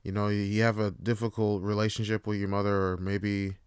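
Rambling man with a smooth voice. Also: lowish voice, little pitch movement, fairly quick, no room sound, studio quality. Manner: rambling, with lots of fillers and restarts. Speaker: podcast host. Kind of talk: casual solo podcast monologue.

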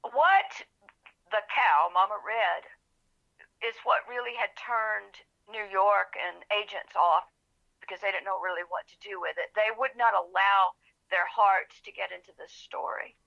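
Gravelly woman telling a story. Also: medium pitch, moderate pace. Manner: animated storyteller, acts out quotes. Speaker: author guest. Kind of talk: storytelling interview. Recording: dull lo-fi phone-like audio.

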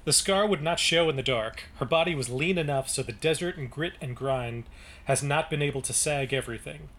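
A man's voice: fairly high pitch, brisk, a bit bright. A man co-hosting a casual book podcast, reading passages aloud and breaking off to comment. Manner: reads narration then breaks off to comment, with chatty restarts.

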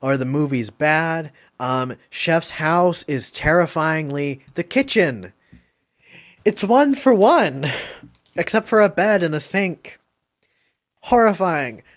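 A man's voice: fairly high pitch, animated, takes it slowly. A man hosting a casual podcast, rambling through favorite moments with lots of swearing, filler words and laughs. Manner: rambling, profane, laughs often. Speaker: podcast host reviewing a film.

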